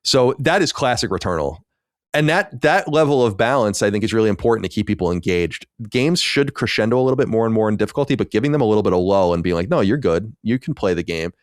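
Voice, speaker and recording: A man's voice: lowish voice, animated, quick pace, no echo, clean studio sound. A man co-hosting a podcast, chatting casually and rambling, with many restarts and fillers. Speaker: podcast co-host. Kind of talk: casual chat.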